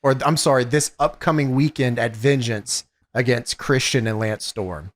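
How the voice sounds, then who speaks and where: Easygoing podcast co-host. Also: male voice, mid-range voice, moderate pace. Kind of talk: casual recap narration.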